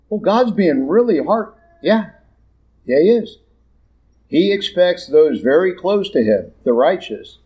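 Blunt, mellow-voiced male preacher. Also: mid-range voice, rough recording. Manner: blunt, conversational preaching with slangy asides. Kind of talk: sermon.

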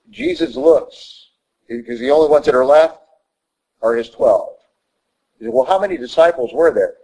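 A man's voice: medium pitch, creaky, husky, low-quality recording. Emphatic man teaching a sermon. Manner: emphatic, repeats points, acts out quotes. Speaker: Catholic teacher.

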